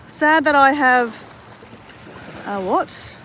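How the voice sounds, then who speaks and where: A woman's voice: fairly high pitch, lively intonation, normal speed. An Australian woman chatting to her live-stream viewers while she walks along a beach at sunrise. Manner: chatty, greets viewers, talks while walking. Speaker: livestream host. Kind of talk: casual live-stream chat while walking. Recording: faint outdoor background noise.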